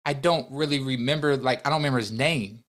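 A man's voice: mid-range voice, quick pace, a bit bright. A young adult man, a podcast guest and business owner, telling a heartfelt story in an earnest, emotional way, full of restarts and quoted dialogue.

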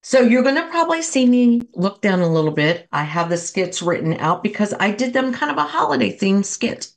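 A woman hosting a show and leading breathing exercises, loud and encouraging in her delivery. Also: mid-range voice, big pitch swings, fairly quick, gravelly. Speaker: host and life coach.

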